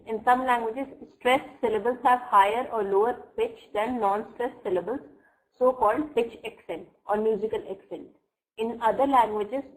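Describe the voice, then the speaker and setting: A woman's voice: on the high side, rough recording. A woman teaching an online English class, reading from her notes and checking in with her students as she goes. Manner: reads notes aloud, checks in with "right?" and "fine?".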